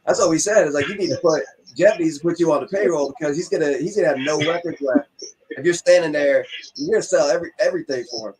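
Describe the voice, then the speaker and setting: A man's voice: on the high side, fast, darkish tone, low-quality recording. A man co-hosting a casual podcast, rambling and restarting his sentences. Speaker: co-host.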